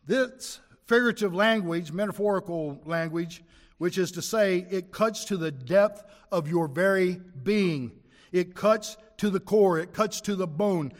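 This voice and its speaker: A man preaching a sermon, emphatic, slowing down to press home key words. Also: high-pitched, long reverb tail.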